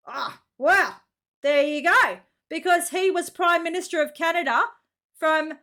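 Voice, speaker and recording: Aussie woman reacting to a video, high bright voice, chatty and full of slang. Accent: Australian. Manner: chatty and exclamatory, slangy, laughs often. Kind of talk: casual reaction commentary.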